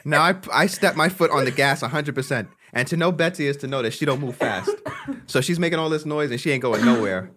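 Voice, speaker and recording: A man's voice: a little high, brisk, noisy background. A young man, co-hosting a podcast and telling a long story in casual chat, cursing and laughing as he goes. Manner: animated, profane, laughs through his story. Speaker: podcast co-host.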